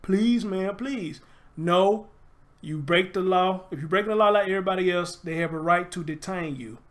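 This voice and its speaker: A man's voice: sits high, a little fast, a bit bright. A man from Memphis with a Southern accent, hosting a casual live stream, reading an article aloud and reacting to it emphatically. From Memphis, USA. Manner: reads aloud then reacts emphatically, greets viewers.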